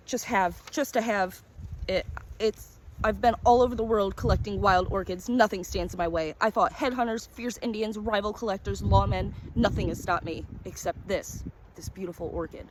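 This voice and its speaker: A woman's voice: mid-range voice, moderate pace, slight background noise, close to an everyday voice, rough recording. A woman reading a story, voicing a cursed, obsessed ghostly male orchid collector who moans in anguish. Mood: bitter. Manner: moaning, anguished and desperate.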